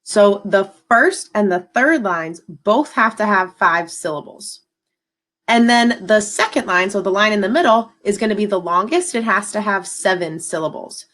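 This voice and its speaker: A woman's voice: mid-range voice, moderate pace, a bit bright. A woman teacher talking students through a lesson in an upbeat, encouraging way. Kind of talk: recorded classroom lesson.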